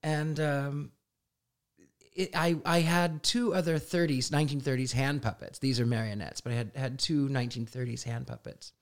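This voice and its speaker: A man's voice: mid-range voice, normal speed. A man, a psychic guest, telling stories in a casual podcast interview, laughing often and acting out what people said. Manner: animated, laughing storyteller who acts out dialogue.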